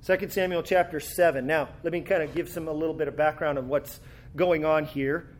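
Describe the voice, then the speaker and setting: A man's voice: a little high, fairly even intonation, a little fast. A man preaching a sermon in a conversational way, often restarting his words as he explains a passage. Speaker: pastor.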